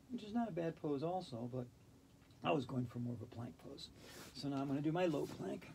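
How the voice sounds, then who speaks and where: A man leading a yoga routine in a gentle, playful, chatty way. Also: fairly high pitch, animated, fast talker, creaky, a little hiss or hum. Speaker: yoga instructor. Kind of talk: guided yoga instruction.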